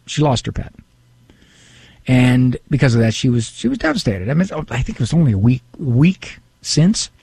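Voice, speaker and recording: A man's voice: mid-range voice, big pitch swings, normal speed, creaky, darkish tone, husky, dry recording. A man hosting a radio talk show in a studio, chatting casually and reading listener emails aloud with a self-deprecating humor.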